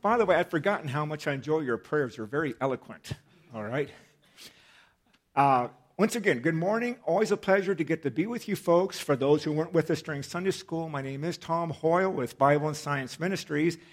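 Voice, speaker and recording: A man's voice: a little high, lively intonation, a little fast. A man giving a folksy, conversational talk as a visiting ministry speaker at a church service, speaking into a microphone and addressing the congregation directly. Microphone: microphone at a lectern.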